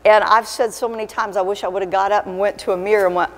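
A woman evangelist preaches in a church, her fairly high voice trading easy storytelling humor for fervent, building declarations. The sound carries a long church reverb with a faint hum of room noise beneath. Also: brisk, few pauses. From Alaska. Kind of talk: sermon. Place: church sanctuary.

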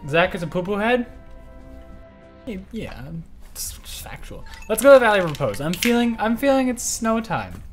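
An excitable, jokey man hosting a livestream and giving casual commentary while he plays a game. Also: high-pitched, soft background music. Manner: excitable and jokey, quick to yell. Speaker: livestream host.

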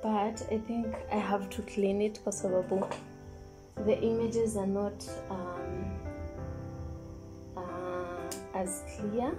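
A woman's voice: mid-range voice, level tone, takes it slowly, music in the background. A young woman chatting casually in a vlog, slipping Swahili phrases into her English. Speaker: vlogger.

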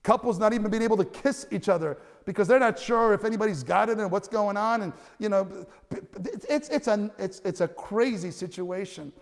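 A male pastor preaching a sermon in a church, animated and conversational, with stammering restarts and loud cries at the high points. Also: a little fast, hardly any pauses, in a large hall.

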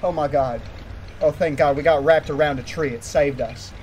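Guy doing a goofy reckless uncle driving the kids, high bouncy voice, loud car noise behind. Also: normal speed, lightly acted, low-quality recording. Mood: panicked. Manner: overacted, breezy then panicked, repeats lines. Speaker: gamer doing a comedy skit. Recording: game clip with loud vehicle noise.

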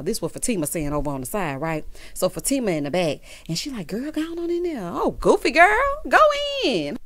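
A woman's voice: on the high side, a bit bright, no echo, clean studio sound. A woman doing a sassy recap of a TV episode, calling the listener child and honey and acting out the characters' lines. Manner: mimics the characters in quoted asides. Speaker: TV recap host. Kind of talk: casual recap commentary.

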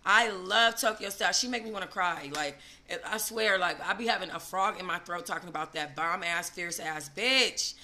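Bright-voiced animated woman host. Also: moderate pace, slight background noise. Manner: animated and slangy, swinging between loud gushing and low asides. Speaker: gossip channel host. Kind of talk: casual live-stream commentary.

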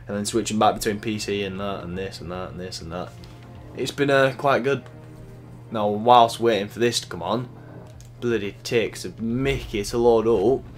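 A man casually commentating his racing gameplay, chatty and excitable, cursing at the game. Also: on the low side, normal speed. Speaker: gaming YouTuber. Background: game music.

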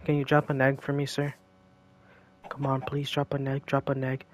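A man giving casual gameplay commentary, jokey and excitable, talking to himself and to the game's creatures. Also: mid-range voice, normal speed.

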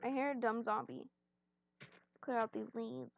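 In a muffled recording from her bed at home, a young gaming channel host narrates her own gameplay in a sing-song, slightly high voice at a somewhat slow pace. The casual commentary is rambling and self-deprecating, and she occasionally chews while speaking.

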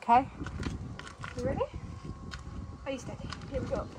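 A woman's voice: high voice, moderate pace, heavy background noise. A young woman and mother, chatting playfully in her back garden and coaxing her dogs in a sing-song voice. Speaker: vlogger and mother. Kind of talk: casual chat with pets and child.

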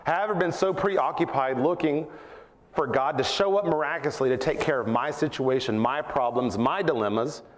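A man preaching a sermon at church, earnest and reflective, rising in pitch to stress his points. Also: brisk, in a large hall.

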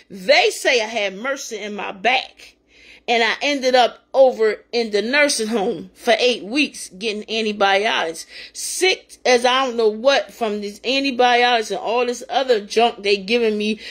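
Fervent older woman, higher voice. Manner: fervent, breaks into shouted praise. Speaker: talk show host giving encouragement. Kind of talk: spontaneous testimony and preaching.

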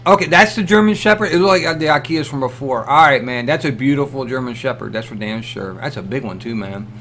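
A man hosting a casual live stream, greeting viewers by name and reacting loudly and profanely to pictures they send, often laughing. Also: medium pitch, brisk, a little hiss or hum. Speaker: livestream host.

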